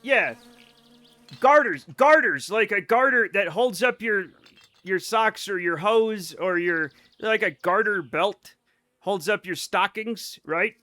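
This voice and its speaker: A man's voice: high voice, slow, bright, forceful tone. A man streaming a game live, rambling casually to his chat in a self-amused way.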